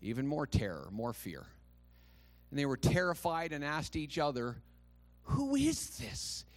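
A man pastor preaching a sermon. He swings from hushed asides to loud, shouted declarations and asks many rhetorical questions. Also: medium pitch, expressive, moderate pace, no room sound.

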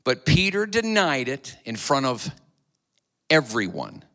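Male pastor, sermon, dramatic storytelling, bright tone, slow deliberate delivery. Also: wildly swooping pitch, creaky. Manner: dramatic storytelling, acting out voices with big pitch swings.

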